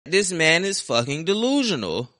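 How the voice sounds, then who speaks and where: A man's voice: fairly high pitch, big pitch swings, moderate pace, bright, forceful tone, no echo, clean studio sound. Heated, profane man ranting about sports. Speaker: podcast host.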